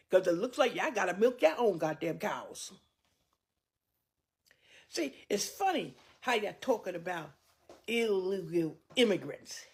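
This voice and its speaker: A woman's voice: mid-range voice, sing-song, unhurried, pauses often. Woman in a mocking, profane rant. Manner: mocking, profane, shouting at times. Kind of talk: angry social media rant.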